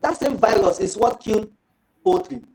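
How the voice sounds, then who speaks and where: A man giving a fish farming training talk, lively and rhetorical, acting out little dialogues. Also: high-pitched, moderate pace, gravelly, rough recording.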